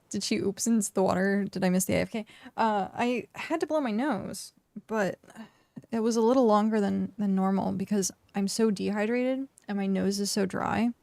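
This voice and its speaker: A woman's voice: mid-range voice, normal speed, vocal fry, mellow, no room sound, clean studio sound. A woman casually chatting on a game live stream, reading chat questions aloud, with lots of fillers. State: hiccuping.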